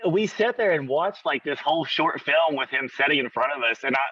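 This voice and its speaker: A man co-hosting a podcast, talking in a relaxed, easygoing casual chat. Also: fairly high pitch, a little fast, slightly rough, dry recording, recorded from a distance. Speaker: podcast co-host. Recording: dull, dry sound from off-mic.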